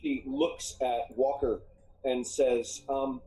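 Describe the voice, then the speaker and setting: Hesitant male game master, dark voice. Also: on the high side, animated, slight background noise, low-quality recording. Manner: halting, many ums and uhs. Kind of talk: narrating a tabletop game. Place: live stream.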